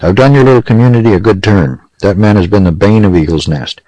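A man's voice: fairly low pitch, fast talker, dark tone, no echo, close to an everyday voice, low-quality recording. A man voicing an angry young cowboy gunman who drawls, threatens and mocks. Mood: defiant.

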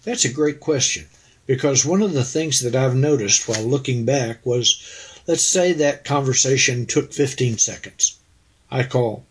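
A man's voice: mid-range voice, measured pace, breathy edge. A man, an actor being interviewed, reflecting in an earnest, anecdotal way and quoting conversations. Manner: earnest, anecdotal, quotes people in dialogue. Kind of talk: reflective storytelling.

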